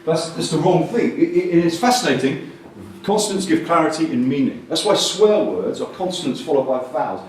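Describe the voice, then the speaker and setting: A man giving a lively, jokey, blunt conference talk on communication, bursting out loudly now and then. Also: a little high, brisk. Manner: animated, jokey and blunt, with sudden loud bursts. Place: large conference hall. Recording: distant echoey hall recording with faint noise.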